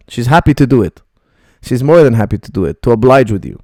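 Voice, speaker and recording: A man's voice: mid-range voice, animated, fast, a little mellow, no room sound, studio quality. A middle-aged man, a martial arts coach, bluntly rambling through viewer questions on a live stream.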